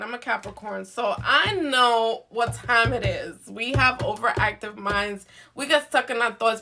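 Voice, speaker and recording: Slow, bright-voiced woman card reader. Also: high voice. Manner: affectionate, repetitive coaxing with frequent laughs. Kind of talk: live zodiac card reading.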